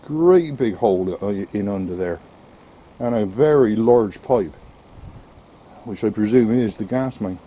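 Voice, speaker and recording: A man's voice: lowish voice, lively intonation, measured pace, long pauses, mellow, a little hiss or hum. A man filming a casual vlog on a street and in his car, grumbling and exasperated, out of breath. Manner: grumbling, exasperated, swears mildly. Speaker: vlogger. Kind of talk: casual vlog commentary while walking and driving. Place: outdoors on a street in the rain, then inside a car.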